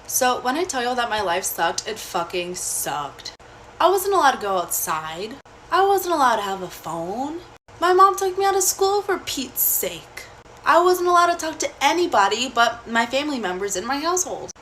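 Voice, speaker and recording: A young woman telling a personal story in a casual, blunt and profane way, animated throughout. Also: sits high, moderate pace, slight background noise.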